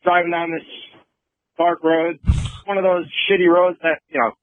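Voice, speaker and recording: A man calling into a radio show, telling a rambling story at a quick clip. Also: a little high, little pitch movement. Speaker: caller. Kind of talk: phone-in anecdote. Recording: tinny phone line.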